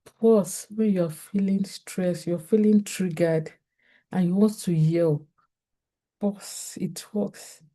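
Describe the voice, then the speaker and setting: A woman's voice: fairly low pitch, steady tone, slow pace, dark tone. A woman with a Nigerian English accent giving earnest parenting advice straight to camera, repeating her key points and speaking directly to parents.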